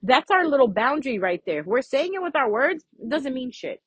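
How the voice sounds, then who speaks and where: A woman's voice: sits high, expressive, fairly quick, a bit bright, slightly rough, no room sound, rough recording. A woman giving a casual, frank astrology reading as a vlogger, chatty and freely swearing.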